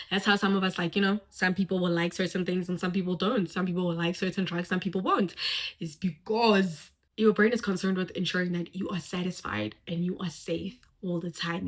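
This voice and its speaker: A woman talking casually to camera about life lessons, animated and expressive, swinging from loud exclamations to hushed asides. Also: lowish voice. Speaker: vlogger giving life advice.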